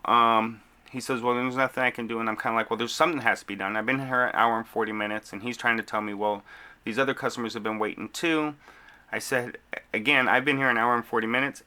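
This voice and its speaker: A man's voice: medium pitch, pushed and bright. A man in a casual venting vlog, frustrated, retelling a long back-and-forth with customer service and store staff. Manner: frustrated, retelling conversations with quoted exchanges. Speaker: delivery driver venting to camera.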